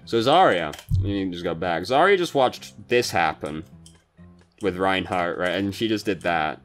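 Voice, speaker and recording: A man's voice: low voice, lively intonation, unhurried, soft background music. A man talking through a match review as a gaming coach, casual and frank, swearing freely and venting frustration. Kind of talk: casual gameplay commentary.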